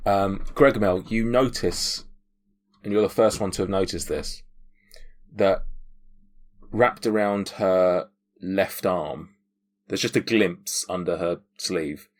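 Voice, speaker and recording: A man's voice: low voice, takes it slowly, pauses often. A man narrating a tabletop game as game master, hesitant and full of restarts.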